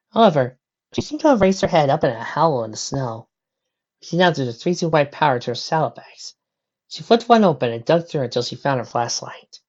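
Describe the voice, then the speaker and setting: A woman narrating a fan fiction story aloud, with steady descriptive reading and occasional slips. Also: deep voice, highs cut off.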